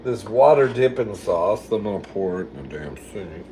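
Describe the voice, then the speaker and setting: A man's voice: fairly low pitch, lively intonation, moderate pace, heavy background noise. A man hosting a casual livestream from his kitchen while he cooks, answering viewer comments in a sassy, foul-mouthed way and calling everyone "girl.". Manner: sassy, swears a lot, calls viewers "girl". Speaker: livestream host. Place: home kitchen.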